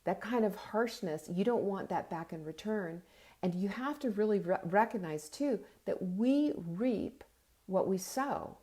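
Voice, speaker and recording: A woman hosts a casual inspirational talk over a live video stream. She speaks in an even, mid-range voice, earnest and conversational. She addresses her listeners directly, as if chatting with friends. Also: mid-range voice, a little slow. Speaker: host.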